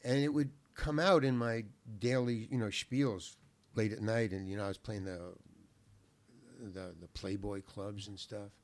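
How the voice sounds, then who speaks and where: A man's voice: lowish voice, steady tone, a little slow. Older man rambling through an anecdote. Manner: rambling, repeats words while thinking; laid-back, salty language. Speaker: guest. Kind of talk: casual anecdote telling.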